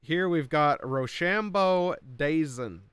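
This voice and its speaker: A man's voice: a little high, lively intonation, takes it slowly, a bit bright, clean tone, dry recording. Rambling, cursing streamer guy. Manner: rambling and profane, with frequent fillers. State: frustrated by buffering. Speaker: streamer reacting to videos. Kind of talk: casual live-stream chat.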